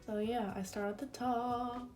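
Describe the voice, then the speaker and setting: A woman's voice: a little high, little pitch movement, a little slow, a little mellow, faint music behind. A woman in her twenties chatting casually and crudely through her makeup routine at home, with a lot of "like". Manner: chatty, crude, fillers of "like" everywhere. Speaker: beauty vlogger. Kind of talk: casual get-ready-with-me chat. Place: room at home.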